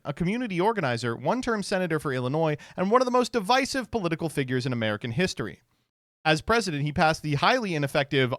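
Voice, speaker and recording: A man's voice: fairly high pitch, a bit bright, no echo, studio quality. A man streamer giving casual reaction commentary, sardonic and profane, laughing often.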